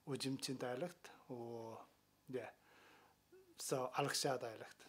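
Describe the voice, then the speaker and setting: A man's voice: mid-range voice, slow pace, long pauses, breathy edge. Hesitant man teaching a language class. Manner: hesitant, many "uh" fillers and restarts. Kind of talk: explanatory lesson talk.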